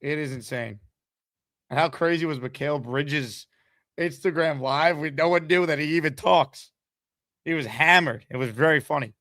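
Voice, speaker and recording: A man hosting a live call-in sports show, talking with fast, energetic enthusiasm and reading giveaway promos. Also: a little high, dry recording, studio quality. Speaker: sports talk show host.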